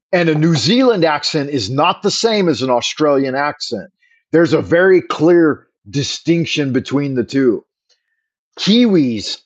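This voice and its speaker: A middle-aged livestream host with a Californian accent and a voice on the high side rambles and swears through an opinionated chat. The audio quality is poor.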